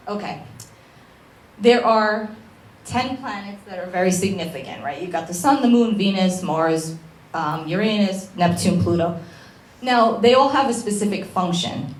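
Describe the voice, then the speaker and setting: A woman astrologer giving a personal talk at a networking event, chatty and emotional, laughing often and tearing up at times. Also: mid-range voice. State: tearful at times. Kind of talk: personal talk to a live audience. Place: event room with an audience. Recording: roomy echo with faint background noise.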